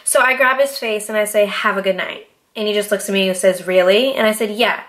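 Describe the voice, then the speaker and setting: A woman in her late twenties from Boston, telling a story in a casual, animated way, swearing freely and acting out what people said. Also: medium pitch, a little fast. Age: 20s. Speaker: vlogger.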